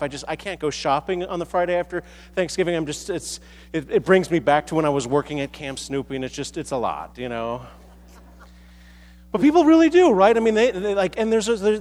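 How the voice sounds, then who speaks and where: An American man preaching a sermon in a large hall, conversational and self-deprecating, with frequent restarts. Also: sits high. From United States. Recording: echoey hall.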